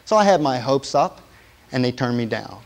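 A man delivers a sermon testimony, telling his personal story and putting questions to the congregation, swinging between hushed, quiet passages and loud, emotional ones. His mid-range voice is creaky, with lively intonation and a moderate pace, on a rough recording.

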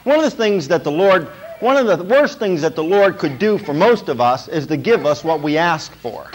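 A pastor preaching a sermon in a small church. His voice sits a little high for a man. He checks in with the congregation with an "okay?" before driving his main points home with emphasis. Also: expressive, moderate pace, poor audio. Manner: preaching with repeated "okay?" check-ins and emphatic build-ups.

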